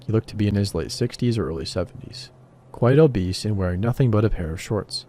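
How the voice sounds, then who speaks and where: A man reading a first-person horror story as scripted narration, measured and wry. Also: on the low side, mellow.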